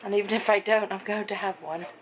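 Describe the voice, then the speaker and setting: Speaking fast in a mid-range voice with fairly even intonation, a middle-aged British woman tells an exasperated, chatty story to camera. It's a casual bedroom vlog, and the low-quality recording has a faint hiss or hum.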